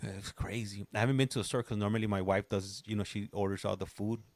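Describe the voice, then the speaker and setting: A man's voice: lowish voice, level tone, fast, vocal fry, darkish tone, dry recording. A man hosting a livestream, chatting casually and rambling with frequent restarts. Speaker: livestream host. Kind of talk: casual chat.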